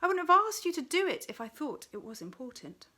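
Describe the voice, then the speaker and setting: Woman reader as petty-task demon, male, snarling then silky, pitched up. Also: animated, moderate pace. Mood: menacing. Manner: snarling, then soft deceitful whisper. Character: sly male demon of petty tasks, menacing.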